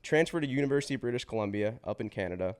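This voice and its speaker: A man in his twenties, a podcast guest, telling his life story in a casual, slangy way with swearing and quick restarts. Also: fairly low pitch, expressive, darkish tone. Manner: slangy and swearing, says bro and dude; fast run-on telling with restarts.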